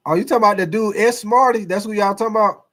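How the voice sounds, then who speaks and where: A man's voice: high voice, rapid-fire, a bit bright. A man hosting a casual sports podcast who talks in a loose, rambling way, addresses his chat directly and laughs often.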